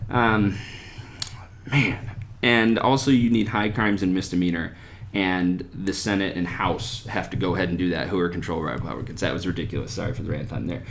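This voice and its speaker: A man hosting an opinion podcast, talking in an animated, sarcastic way with sharp jumps in pitch on his rhetorical questions. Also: moderate pace, creaky. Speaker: podcast host. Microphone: desktop USB microphone.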